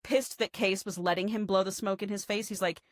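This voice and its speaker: A woman's voice: medium pitch, steady tone, brisk, dry recording, clean studio sound. A woman co-hosting a podcast, chatting casually as she recaps a romance novel, acting out lines and swearing freely. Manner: chatty storyteller, acts out quotes, swears freely. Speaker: podcast co-host.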